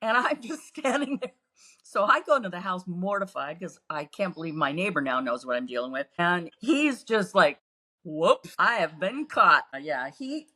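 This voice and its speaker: A woman's voice: medium pitch, sharp tone. A woman co-hosting a podcast, earnestly recounting painful memories in casual storytelling. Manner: earnest, re-lives painful memories, acts out quotes. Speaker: podcast co-host.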